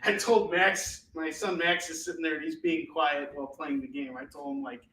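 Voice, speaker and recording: A chatty man runs a live sale from home, rattling off comic books and prices in easygoing patter. His voice is bright and a touch high, and it rings around an echoey room. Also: steady tone. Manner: chatty, upbeat, laughs often, counts off books quickly. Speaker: host selling comics on a live stream. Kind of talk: casual live sales patter. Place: his home, with kids in the house.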